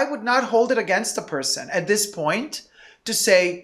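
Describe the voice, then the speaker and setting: A man who is a guest in a casual chat. He tells stories in a lively, playful way. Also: sits high, normal speed.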